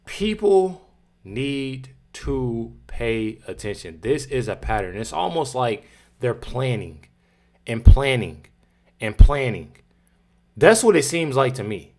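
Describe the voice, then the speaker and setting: A man's voice: mid-range voice, very animated, slow, a little mellow. A man hosting a reaction video, talking in a casual, slangy, repetitive way and sometimes laughing in disbelief.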